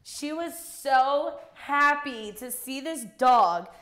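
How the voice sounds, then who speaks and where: A young woman co-hosting a podcast in casual chat, an animated storyteller who swears freely and laughs mid-sentence. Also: sits high, slow pace. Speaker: podcast co-host.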